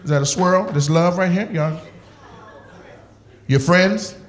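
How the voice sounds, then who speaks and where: A male comedian doing profane, teasing crowd work with audience members. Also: sits high. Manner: teasing, profane, quick banter. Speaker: stand-up comedian.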